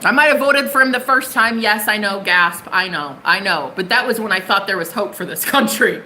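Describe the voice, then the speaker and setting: A woman's voice: mid-range voice, expressive, moderate pace, pushed and bright, slight background noise, low-quality recording. A young woman from the United States giving a live-stream tarot reading, chatty and bubbly with plenty of swearing. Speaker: tarot reader.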